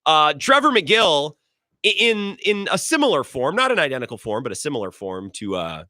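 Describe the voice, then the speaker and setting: A man hosting a sports talk radio show, giving opinionated takes in a sarcastic, animated way. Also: on the high side, no room sound, clean studio sound. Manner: animated, sarcastic, quick asides.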